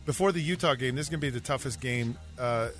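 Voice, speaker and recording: A man's voice: mid-range voice, quick pace, fairly bright tone, soft background music. A man co-hosting a sports radio show, earnestly breaking down a football game and often restarting his sentences. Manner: earnest, analytical, repeats words when starting. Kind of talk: casual sports talk radio banter. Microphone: studio microphone.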